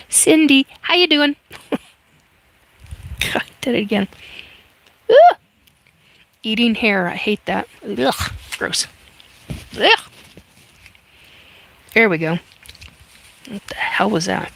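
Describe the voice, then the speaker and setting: This is a chatty woman in her fifties running a casual livestream, reading out viewer comments and using lots of fillers. Her voice sits a little high, creaky yet fairly bright.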